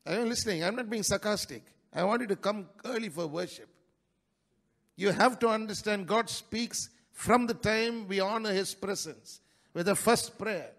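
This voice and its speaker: A male pastor preaching a sermon in a church, breaking into sudden loud rises and dropping into quick, quieter asides. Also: sits high, vocal fry. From India.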